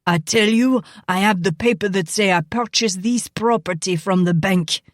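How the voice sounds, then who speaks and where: A small, irate Frenchman, as a woman reader puts him on, ranting and demanding, his voice pushed higher and louder. He talks in insistent bursts, and the sound is dry and close. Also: moderate pace, no room sound, lightly acted.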